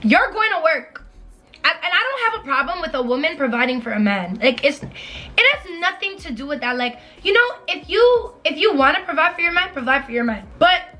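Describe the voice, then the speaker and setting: A young woman with a high, sharp, animated voice speaks fairly quickly in a casual vlog. As an advice vlogger, she gives blunt, emphatic relationship advice, repeating her points and swearing freely.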